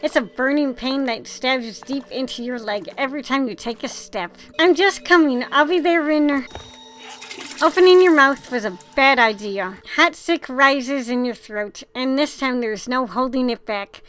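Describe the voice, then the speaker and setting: A woman with a high voice reads a text adventure game aloud. She reads expressively and swears now and then as she plays. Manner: expressive reading with casual swearing. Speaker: gamer.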